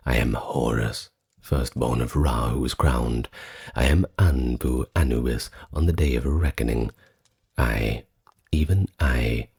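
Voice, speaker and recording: A man reading ancient sacred texts aloud in a slow, soft-spoken ASMR style, with a solemn and measured recitation. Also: a bass voice, creaky, husky.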